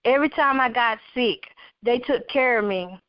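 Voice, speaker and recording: A woman's voice: on the high side, moderate pace, no echo, lightly acted. A woman reading the lines of a weak, coughing teenage girl who is dying and speaks serenely to reassure her parents. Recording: dull lo-fi recording.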